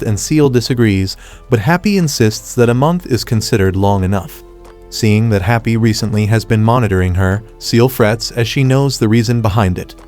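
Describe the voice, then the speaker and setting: A man reading a scripted anime recap as narrator, in a steady, rapid retelling. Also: medium pitch.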